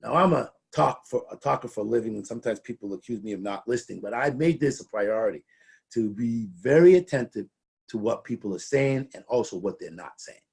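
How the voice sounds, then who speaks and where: A man's voice: medium pitch, lively intonation, a little fast, vocal fry, darkish tone, breathy edge. A middle-aged man giving a conversational training presentation, often restarting and repeating words as he talks.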